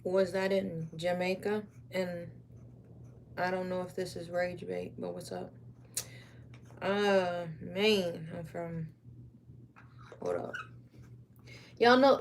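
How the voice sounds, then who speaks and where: A young woman from Wisconsin drifts through easy, unhurried livestream chatter, full of slang and loose tangents. Her pitch sits in a middle range, and a faint hiss hangs under the voice. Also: gravelly. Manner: slangy, rambling, drawled. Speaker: livestreamer crafting a rug. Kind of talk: casual livestream chat.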